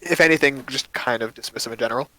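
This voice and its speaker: A man narrating as game master in a loose, relaxed storytelling manner. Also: mid-range voice, quick pace, no echo, low-quality recording.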